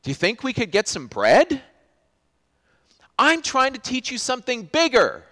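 A man's voice: high-pitched, huge pitch swings, fast, creaky, breathy edge, big-room sound, pitched above the performer's own voice, full character voice. A man voicing a stern, frustrated teacher rebuking his pupils with pleading questions. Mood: exasperated.

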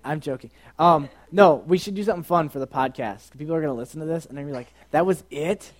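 A podcast host chats casually in front of a live group, joking, coaxing people to take part, and repeating himself. His voice is a little high and his delivery rapid-fire.

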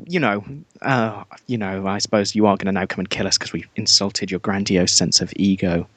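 A man's voice: sits low, steady tone, fairly quick, a bit bright, no room sound. British man, podcast co-host, rambling chat, dry mic. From Britain. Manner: rambling, self-deprecating. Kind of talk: casual chat.

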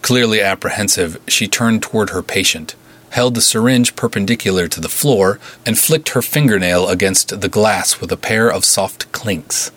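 Deep, husky male storyteller. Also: fairly bright tone. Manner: measured, vivid storytelling. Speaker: writer and narrator. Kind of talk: dramatic serial story narration.

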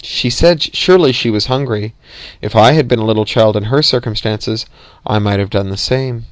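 A man voicing a cunning male wizard who speaks with smooth, insincere politeness. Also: lowish voice, normal speed, dry recording, close to an everyday voice. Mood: sly.

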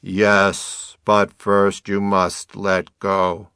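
A man voicing a mighty, godlike voice from above that speaks in slow, commanding pronouncements. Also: low voice, monotone, bright, forceful tone, clear, resonant tone, no echo, clean studio sound, exaggerated voice.

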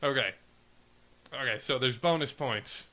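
Bright-voiced teasing male podcaster. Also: mid-range voice. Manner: teasing, quick with crude jokes. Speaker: podcast co-host. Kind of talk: casual banter.

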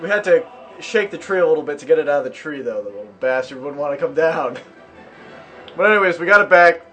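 A man's voice: a little high, lively intonation, quick pace, soft background music. A young man co-hosting a podcast, chatting casually and jokingly while playing a video game. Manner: joking, rambling, loud outbursts. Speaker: podcast co-host. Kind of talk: casual gaming chat.

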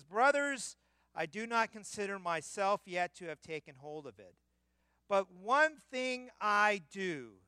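A man preaching a sermon in a church, emphatic and building to loud peaks. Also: high-pitched, clear, resonant tone, no echo. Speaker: pastor.

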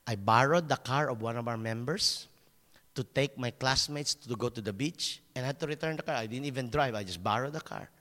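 A man preaching a sermon as a pastor, telling a personal story in an animated way, laughing at himself and stumbling over restarts. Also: mid-range voice, big-room sound.

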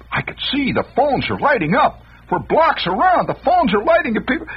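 A middle-aged man telling a comic monologue, animated, humming tunes and acting out voices. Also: fairly high pitch, breathy edge. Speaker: storyteller. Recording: dull lo-fi radio recording.

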